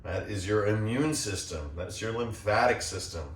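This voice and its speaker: A man teaching a gentle yoga class, guiding calmly as he demonstrates the poses and checking in with the class as he goes. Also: fairly low pitch, normal speed, far from the mic. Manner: calm, demonstrating as he talks, checks in with "right?". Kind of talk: guided yoga class instruction. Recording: echoey room, voice off-mic.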